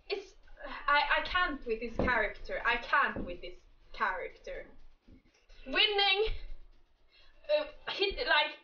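A woman's voice: sits high, bright, forceful tone, highs cut off. A woman giving a casual, profane, exasperated rant about game characters, breaking into laughter often. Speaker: gaming creator. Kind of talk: casual ranting commentary. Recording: echoey room, distant mic, faint music.

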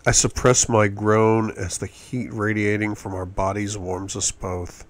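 A man's voice: lowish voice, level tone, measured pace, few pauses. A man reading a novel aloud in first person, often murmured and intimate. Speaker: audiobook reader.

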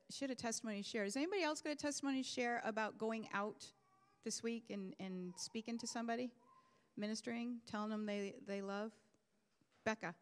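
A woman's voice: on the high side, clear, resonant tone. Encouraging woman leading a church meeting. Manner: encouraging, calls on people. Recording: echoey hall.

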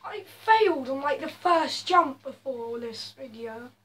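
This woman's high voice has lively intonation, and she doesn't rush. Hosting a gaming video, she chats over her gameplay casually, teasing her own ability and suddenly exclaiming now and then.

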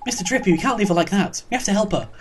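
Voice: medium pitch, lively intonation, rapid-fire, slight background noise, pitched above the performer's own voice, lightly acted. A let's-play gamer reading lines as a kind, earnest young boy hero.

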